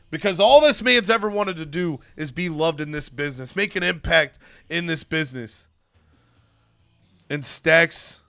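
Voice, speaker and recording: A man's voice: fairly high pitch, pushed and bright, no room sound. A man narrating a wrestling management game story with dramatic, commentary-style delivery.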